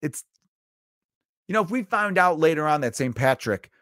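A man's voice: on the high side, expressive, normal speed, a bit bright, dry recording, studio quality. Sarcastic swearing man ranting. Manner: sarcastic, mocking, swears constantly. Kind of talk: profane comedic rant.

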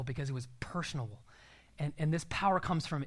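A man's voice: on the high side, quick pace, fairly bright tone. A young man preaching a sermon in an earnest, emphatic way, sometimes dropping to a near-whisper.

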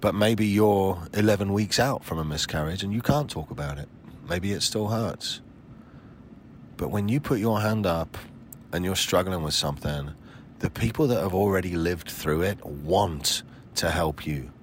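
A man's voice: low-pitched, normal speed, a little hiss or hum. A man in his forties hosting a solo podcast, talking in a blunt, emphatic way with frequent swearing. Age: 40s. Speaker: podcast host.

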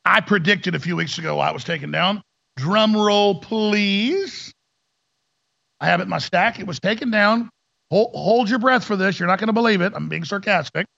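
A man's voice: sits high, moderate pace, gravelly, sharp tone, no room sound, highs cut off. A man hosting a talk radio show, ranting sarcastically and mimicking opponents in mocking voices.

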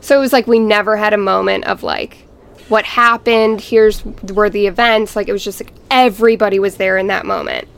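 A young woman guest telling a painful personal story in a podcast interview, halting and restarting as she recalls what happened. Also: mid-range voice, steady tone, vocal fry, fairly bright tone, clean tone. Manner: halting, restarts, quotes family members.

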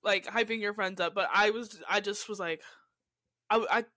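A woman's voice: mid-range voice, fairly even intonation, normal speed, sharp tone, no echo. A young woman from California chats with friends on a podcast, stacking up anecdotes and slipping into the voices of the people she quotes. Her speech is loose and full of "like" and restarts. The sound is dry and close. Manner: chatty storyteller, quotes people in their own voices, frequent likes and restarts. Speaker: podcast co-host. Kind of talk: casual chat.

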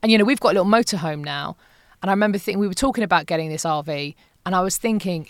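A woman in her forties, telling her story as a podcast guest in a candid, animated, self-mocking way, with the odd swear word. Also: lowish voice, fast talker, no echo. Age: 40s.

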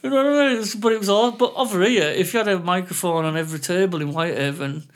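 A man whose voice sits high for a man, co-hosting a podcast. He talks in casual chat full of blunt, swearing banter. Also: quick pace. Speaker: podcast co-host.

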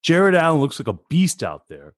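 A man's voice: on the high side, huge pitch swings, a little fast, dry recording, studio quality. A man co-hosting a sports podcast in casual chat, eager and emphatic, running through his notes.

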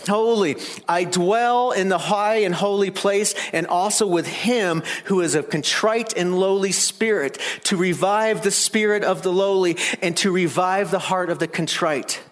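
A man preaching a sermon, animated, rising loud and high to make his points. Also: measured pace.

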